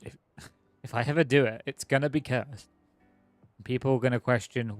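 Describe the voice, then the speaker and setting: A man's voice: mid-range voice, moderate pace, pauses often, no echo, faint music behind. A man streaming a game, chatting in a rambling, joking, self-mocking way. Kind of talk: casual gameplay commentary.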